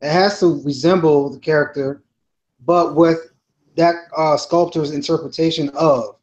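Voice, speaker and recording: A man's voice: fairly high pitch, fairly even intonation, measured pace, darkish tone. A laid-back man on a collectors' panel who calls the others bro and man. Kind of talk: casual panel chat. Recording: dull lo-fi sound.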